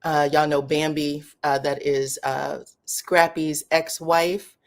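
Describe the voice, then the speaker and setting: A woman hosting a casual live stream, her voice sitting low but leaping up when she calls out to viewers. She chats loosely and repeats her welcomes in a friendly, drawn-out way. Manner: lively, greets viewers by city, drawn-out welcomes. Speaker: host of a live commentary stream.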